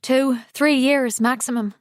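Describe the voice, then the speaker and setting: A woman's voice: high-pitched, steady tone, a little slow, clean tone, no echo, studio quality, pitched above the performer's own voice. A woman narrator voicing a torn, anguished man who pleads, in her own voice raised with emotion. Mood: pleading.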